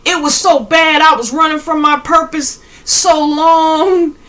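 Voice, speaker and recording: Woman spiritual vlogger, high bright voice, animated, slangy, preachy and laughing. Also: slow. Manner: preachy, addresses viewers directly. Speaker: spiritual channel host. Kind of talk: casual spiritual pep talk.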